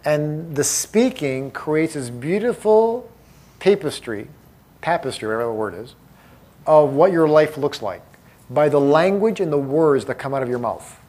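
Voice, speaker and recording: Man, seminar speaker, energetic, emphatic, slightly high voice. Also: measured pace. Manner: energetic, emphatic, addresses the audience directly. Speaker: motivational speaker. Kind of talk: live seminar talk.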